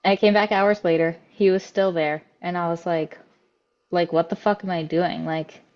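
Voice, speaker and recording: A woman's voice: on the low side, steady tone, moderate pace, a little mellow, highs cut off. A woman guest on a podcast, telling a story casually and bluntly, swearing often and filling with "like". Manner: blunt, profane, frequent 'like' fillers.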